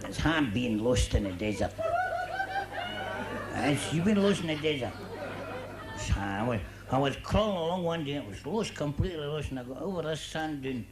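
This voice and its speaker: A Scottish comedian performing live stand-up, talking to the crowd in a chatty joke-telling patter full of "you know" and "eh?". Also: male voice, fairly high pitch, expressive, normal speed. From Scotland. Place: comedy club stage before a live audience. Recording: noisy live club recording with audience laughter.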